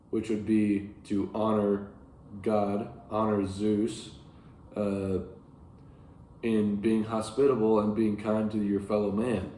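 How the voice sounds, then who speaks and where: Slow, lowish man in an echoey room. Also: warm tone. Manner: rambling, self-correcting, with dry asides. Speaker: teacher retelling a classic epic. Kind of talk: casual lecture retelling.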